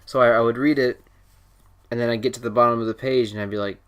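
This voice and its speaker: A teenage boy hosts a casual homemade podcast at an ordinary pitch. He rambles, jokes and restarts his sentences, and his speech is full of fillers. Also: fairly even intonation, fast talker, clean tone. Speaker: podcast host. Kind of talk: casual chat.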